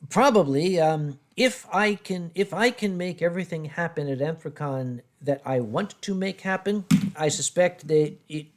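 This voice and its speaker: A man's voice: on the high side, moderate pace, few pauses, background noise. A man hosting a casual drinking stream, reading out viewer questions and giving short, dry answers. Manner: dry, clipped replies, reads viewer questions. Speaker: host.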